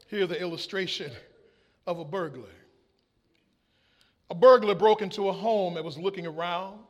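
A man's voice: high-pitched, a bit bright. A male pastor preaching a sermon, reading scripture and asking the congregation to fill in words. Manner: call-and-response preaching, drawn-out scripture quotes.

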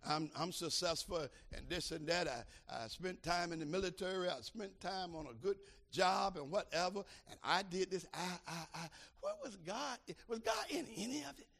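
Gravelly older man preaching, shouting. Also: a little high. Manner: preaching with shouted climaxes and quiet asides. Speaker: pastor. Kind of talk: sermon.

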